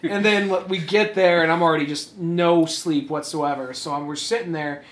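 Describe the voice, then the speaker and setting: A young man co-hosting a podcast, telling stories in casual chat and breaking into shouted impressions. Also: on the high side, moderate pace, echoey room. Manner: animated storytelling with shouted impressions. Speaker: podcast co-host.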